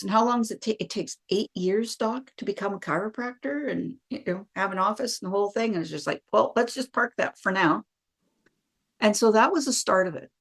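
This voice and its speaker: Lively middle-aged woman storyteller. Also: medium pitch. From Canada. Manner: lively anecdotal telling, acts out her own inner voice. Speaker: guest, wellness practitioner. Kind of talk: conversational storytelling.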